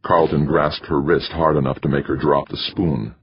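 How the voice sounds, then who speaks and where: A man narrating an audiobook in a steady, measured reading. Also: very deep voice, a little hiss or hum. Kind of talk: scripted narration. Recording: dry, slightly muffled recording.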